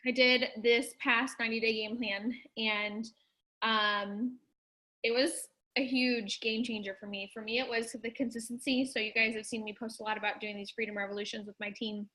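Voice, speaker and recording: A woman's voice: a little high, level tone, normal speed, bright, forceful tone. A woman sharing her experience on a team call, eager and casual, at times talking while eating.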